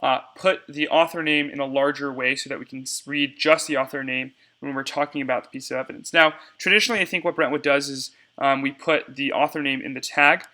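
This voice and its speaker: A man's voice: medium pitch, steady tone, a little fast, few pauses, pushed and bright. A young man giving a casual step-by-step screencast tutorial on cutting debate cards, talking to viewers as y'all.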